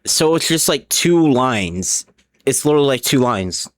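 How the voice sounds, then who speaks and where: A man's voice: mid-range voice, expressive, a little slow, no room sound. A man streaming a game live, rambling along as he plays, often restarting his sentences and swearing, and a little drunk. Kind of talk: casual live gaming commentary.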